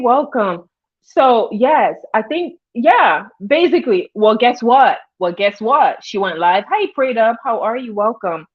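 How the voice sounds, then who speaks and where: A woman hosting a livestream in casual commentary, chatty, greeting viewers by name as she talks. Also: a little high. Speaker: livestream host. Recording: dull lo-fi stream audio.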